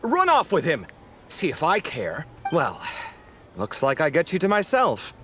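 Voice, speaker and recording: A man's voice: a little high, huge pitch swings, unhurried, fairly bright tone, faint music behind, full character voice. A man voicing a friendly, chatty young architect in a video game, polite and a little apologetic. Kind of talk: game voice acting.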